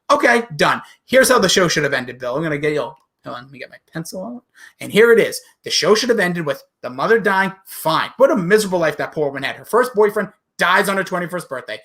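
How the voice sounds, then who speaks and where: A man's voice: high-pitched, lively intonation, quick pace, bright, forceful tone. A man co-hosting a podcast in casual chat, ranting heatedly and swearing. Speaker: podcast co-host.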